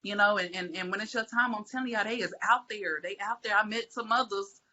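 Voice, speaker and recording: A woman's voice: mid-range voice, fairly quick, noisy background. A woman, talking on a faith podcast in an emphatic, preachy way and repeating phrases for stress. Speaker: podcast panelist. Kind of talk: casual faith talk. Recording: muffled lo-fi audio.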